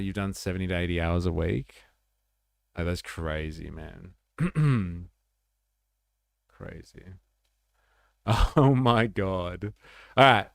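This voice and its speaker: A man's voice: lowish voice, gravelly, a little mellow, no room sound, studio quality. A man with an Australian accent hosting a casual livestream, chatting loosely with viewers in slang. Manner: chatty, slangy, reacts to chat. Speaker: livestream host.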